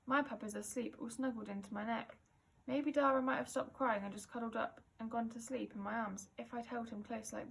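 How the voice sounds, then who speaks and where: A woman teacher reading a children's novel aloud, telling it expressively and rising to loud calls in the action. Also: fairly high pitch, creaky, husky. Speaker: primary school teacher.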